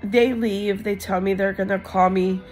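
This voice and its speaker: A woman's voice: mid-range voice, fairly even intonation, normal speed, a little mellow, faint music behind, rough recording. A woman vlogger telling a personal story in a rambling, emotional way with many fillers. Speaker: crafting channel vlogger.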